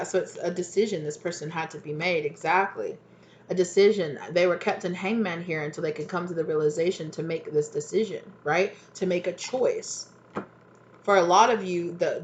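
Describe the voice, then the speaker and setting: A woman with a fairly low voice talks through a tarot reading in a loose, conversational way. She keeps looping back with quick check-ins such as "right?" and "exactly". A faint hiss sits behind her voice. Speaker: tarot reader. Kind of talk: casual spoken tarot reading.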